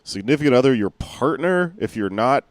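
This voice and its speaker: A man's voice: medium pitch, expressive, normal speed, slight background noise. A man hosting a podcast in casual chat, rambling, swearing freely and laughing often. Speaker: podcast host.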